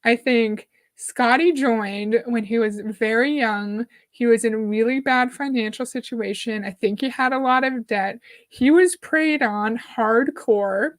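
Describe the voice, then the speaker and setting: A woman's voice: fairly high pitch, unhurried. A woman hosting a live reaction stream, chatting casually, greeting viewers by name and reading their comments aloud. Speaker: livestream host.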